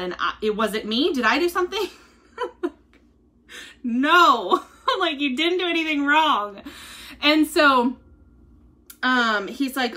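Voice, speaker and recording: A woman's voice: high-pitched, lively intonation, takes it slowly, long pauses, pushed and bright. A middle-aged woman chatting casually on a livestream, rambling through stories and laughing often as she digresses. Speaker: vlogger selling wellness drinks.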